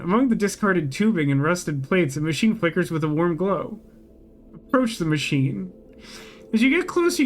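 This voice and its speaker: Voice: mid-range voice, a little hiss or hum. A game streamer reading a narrative game aloud and breaking off for wry, sarcastic asides.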